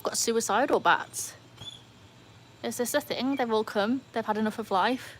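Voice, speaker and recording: A woman hosting a casual livestream by her pool, chatting excitedly and answering viewer comments. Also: a little high, a little slow, slight background noise. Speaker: livestream host. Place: outdoors by a backyard pool. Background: faint outdoor ambience, dogs.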